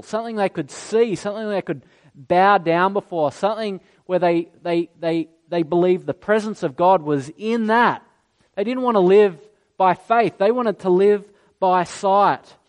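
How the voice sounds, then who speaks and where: Man, high voice, preacher, lively sermon storytelling, acts out quotes. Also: measured pace. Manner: animated storytelling, voicing quoted figures.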